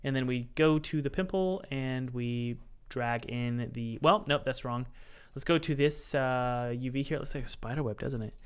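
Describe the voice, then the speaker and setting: A playful man leads a live game development tutorial, narrating each click out loud and tossing questions and jokes to his viewers. His voice is smooth and resonant, at an ordinary middle pitch for a man. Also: normal speed, hardly any pauses. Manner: playful, jokey, chats directly with the live chat; talks himself through software steps aloud. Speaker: indie game developer and streamer.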